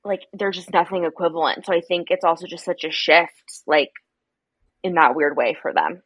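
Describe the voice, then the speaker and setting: A young woman from America, a podcast guest, telling stories in casual chat and acting out quotes in animated voices. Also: on the low side, normal speed, breathy edge, no room sound. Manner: chatty storyteller, acts out quotes in animated voices.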